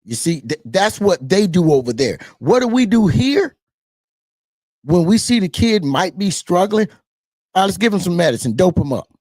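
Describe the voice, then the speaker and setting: A male host with a Southern US twang giving casual political commentary straight to his viewers, animated and preachy, repeating his points and calling the audience y'all. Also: sits high, normal speed, no echo, studio quality. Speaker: political talk show host.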